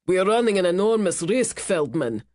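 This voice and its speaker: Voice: mid-range voice, big pitch swings, moderate pace, darkish tone, close to an everyday voice. A narrator voicing a bearded older professor, a man who bellows over everyone. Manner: roaring, thunderous.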